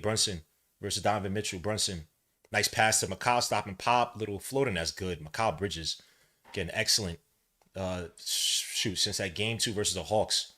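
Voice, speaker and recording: A man from New York hosting a live watch-along, rambling between casual play-by-play and chat, and shouting when plays excite him. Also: on the low side. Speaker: podcast host doing a game watch-along.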